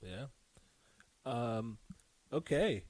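A man hosting a casual podcast for educators, recorded dry and close. He starts his turns with a few fillers, then talks in an even middle voice. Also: medium pitch, extremely slow, no echo, low-quality recording. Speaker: podcast host, school leader.

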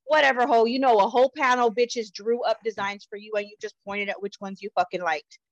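A woman's voice: medium pitch, steady tone, fairly quick. A woman co-hosting a casual pop culture podcast, ranting heatedly and swearing constantly. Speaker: podcast co-host. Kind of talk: casual chat. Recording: dull lo-fi dry sound.

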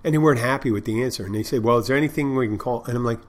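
A man's voice: medium pitch, rapid-fire. A man who tends bar and hosts a podcast, telling stories in a rambling, profane, casual monologue with many restarts. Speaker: bartender and podcast host.

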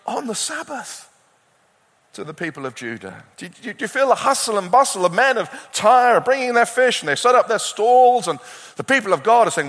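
A male preacher with a fairly high voice, animated and expressive, rising to urgent peaks and dropping to hushed lows. His words ring out with a long reverb from a large hall. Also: moderate pace. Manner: animated, swings from loud urgency to quiet intensity. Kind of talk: sermon.

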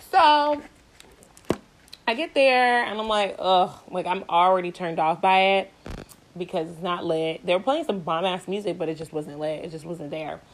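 A woman's voice: lowish voice, a little slow, rough recording. A young woman vlogger telling a blunt, profane story in a casual, dramatic way, speaking into a phone from a moving car. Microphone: phone held away. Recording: car road noise, phone mic. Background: vehicle noise.

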